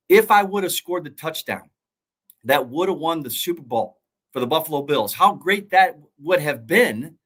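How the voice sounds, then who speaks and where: A middle-aged man talking in an interview with the earnest drive of a motivational speaker. His voice sits at an ordinary pitch, and he repeats his key lines to hammer them home. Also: fairly bright tone. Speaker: college football coach and former pro player.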